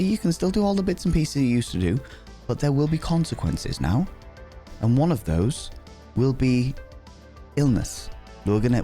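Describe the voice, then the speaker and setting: A young man chatting playfully on a live stream, teasing viewers, a bit under the weather with sore sinuses. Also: darkish tone. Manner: playful, teasing, theatrical swings in pitch. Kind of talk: casual live-stream chat.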